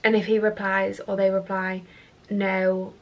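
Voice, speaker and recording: A woman's voice: medium pitch, steady tone, moderate pace, dull audio. A young woman from England who runs a beauty business, chatting candidly and sassily with her viewers, swearing freely and calling them sis. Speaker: beauty business owner and vlogger. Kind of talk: casual chat answering viewer questions.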